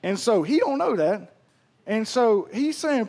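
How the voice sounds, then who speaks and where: A man preaching a sermon to his congregation, telling a story in a folksy, animated, conversational way with slangy phrasing. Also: sits high, unhurried. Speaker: pastor.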